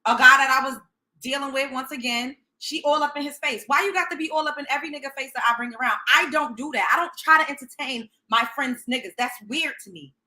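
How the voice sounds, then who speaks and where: A woman's voice: sits high, fast talker, bright, forceful tone. A young woman from Brooklyn, hosting a show and telling a story in a blunt, profane, sassy way. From Brooklyn, New York. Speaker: host. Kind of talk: storytelling commentary.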